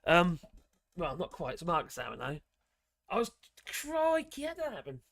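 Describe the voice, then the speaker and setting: A man's voice: on the high side, wildly swooping pitch, fairly quick, creaky, a bit bright, dry recording, clean studio sound. A man hosting a casual live stream, chatting in a rambling way and reading out chat messages while losing his voice.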